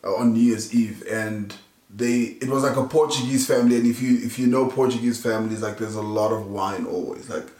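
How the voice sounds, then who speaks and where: A man's voice: on the low side, steady tone, fairly quick, a little mellow. A young man with a South African accent, a podcast co-host telling stories in a laid-back, slangy way. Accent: South African English. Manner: laid-back slangy storytelling, lots of "like" and "dude". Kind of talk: casual storytelling chat. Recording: echoey room.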